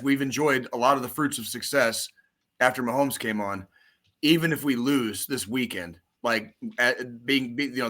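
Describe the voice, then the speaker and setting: A man co-hosting a loose podcast chat, his voice bright and forceful. He rants about football in a profane, rambling, excitable way, piling on swear words as he goes. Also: mid-range voice. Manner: profane, excitable, rambling sports-fan rant. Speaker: podcast co-host. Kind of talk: casual chat.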